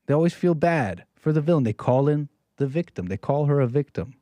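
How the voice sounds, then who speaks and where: A man's voice: on the high side, animated, fairly quick, warm tone, no echo. An American man giving rambling, preachy solo commentary, often repeating his phrases. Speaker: streamer commentator.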